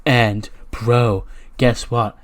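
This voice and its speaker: A man voicing an overexcited male wrestler who calls everyone bro, gushing and loud. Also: medium pitch, level tone, very slow. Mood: excited. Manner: says "bro" constantly, gushing.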